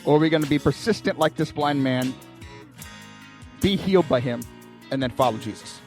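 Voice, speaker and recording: A man's voice: fairly high pitch, normal speed, faint music behind. A young man hosting a podcast and talking casually, joking and laughing as he tells stories. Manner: animated, joking, laughs while telling stories. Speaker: podcast host. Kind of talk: casual comedic talk show.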